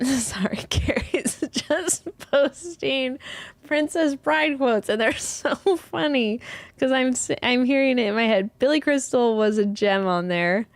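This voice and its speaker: A hoarse woman with a fairly high voice, hosting a casual live stream and speaking slowly. She giggles often and keeps clearing her throat as her voice comes back. The sound is dry and close. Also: dry recording. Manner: giggly, breaks into laughter often; clears her throat and coughs now and then. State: hoarse, recovering from a lost voice. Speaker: yarn shop live stream host.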